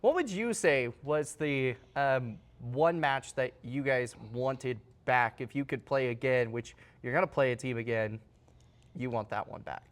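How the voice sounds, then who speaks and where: A man's voice: mid-range voice, a little slow. A man hosting a sports interview show, asking long, rambling questions in a casual way.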